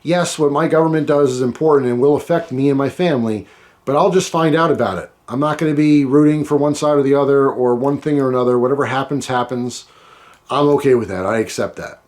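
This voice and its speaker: A man's voice: medium pitch, brisk, a little mellow. A middle-aged man from the United States talking casually to camera, rambling and often restarting his sentences. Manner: rambling, repeats and restarts himself. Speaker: vlogger. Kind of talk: casual storytime monologue.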